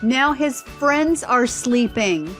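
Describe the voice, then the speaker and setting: A woman reading a picture book aloud for children, slow and clear, stopping to ask simple questions. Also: high voice, animated, faint music behind.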